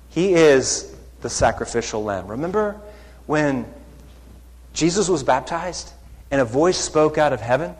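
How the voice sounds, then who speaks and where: A man preaching a sermon, unhurried, acting out quoted lines with rising emphasis. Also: on the high side. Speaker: pastor. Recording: long hall reverb.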